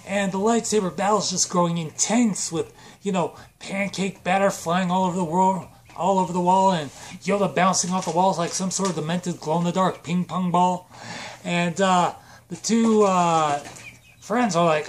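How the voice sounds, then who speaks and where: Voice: medium pitch, unhurried, a little hiss or hum. A channel creator telling an absurd made-up story in a rambling, hyper way with lots of fillers. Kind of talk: comic improvised storytelling.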